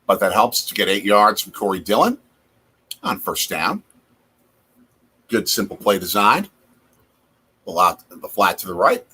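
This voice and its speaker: A man's voice: on the low side, very animated, unhurried, long pauses, sharp tone, slightly rough. A man from Wisconsin hosting a casual live chat over a football game from his home basement, reacting aloud to plays. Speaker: host.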